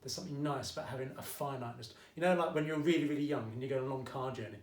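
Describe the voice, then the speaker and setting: Chatty Essex maths teacher, echoey room. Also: male voice, mid-range voice, very fast, far from the mic, a little hiss or hum. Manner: chatty and jokey, keeps checking in with "okay?". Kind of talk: casual video lesson. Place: at home during lockdown. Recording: echoey room, mic set back.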